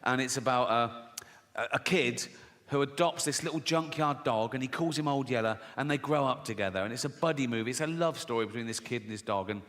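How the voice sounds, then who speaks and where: A man's voice: mid-range voice, fairly quick, a bit bright. A man doing a stand-up routine, telling stories in a profane, sardonic way and acting out the voices. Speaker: stand-up comedian. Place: theater stage. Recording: live in a large reverberant hall with faint noise. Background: audience laughter.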